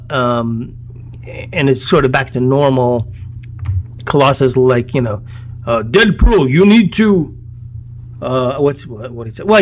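A man's voice: mid-range voice, a little hiss or hum. Rambling, chuckly man recapping a movie. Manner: rambling, many fillers and restarts, chuckling. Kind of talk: casual movie recap chat.

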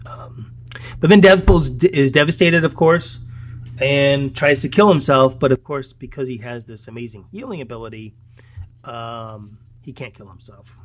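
A man's voice: medium pitch, moderate pace. Rambling, chuckly man recapping a movie. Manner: rambling, many fillers and restarts, chuckling. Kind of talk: casual movie recap chat.

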